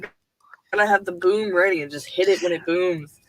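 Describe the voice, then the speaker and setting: On the low side and at a measured pace, this woman's voice comes through with no room sound but poor audio quality. A livestream host and writer, she chats casually on a headset from her home computer, rambling with lots of fillers and the occasional swear word.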